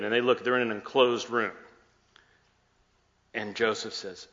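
A man's voice: lowish voice, fairly even intonation, moderate pace, long pauses, a bit bright. A man preaching a sermon, retelling a scripture story casually, acting out the dialogue and slipping in jokes. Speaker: pastor. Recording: muffled, echoey hall sound.

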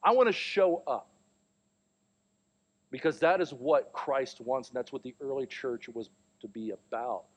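Speaking at a medium pitch and an unhurried pace, this pastor in his thirties shares a family story during his sermon. He's animated and performs the quoted voices himself.

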